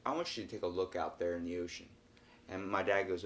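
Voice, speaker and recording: A young man hosting a podcast, chatting casually and telling a story with lively acted-out voices. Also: lowish voice, fast. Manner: animated storyteller, acts out quoted voices. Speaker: podcast host. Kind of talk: casual chat.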